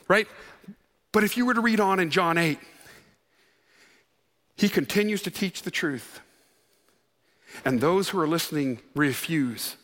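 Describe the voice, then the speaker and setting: A male pastor with a high, bright voice delivers an earnest sermon. He asks the congregation questions. His words carry a long hall reverb from the sanctuary.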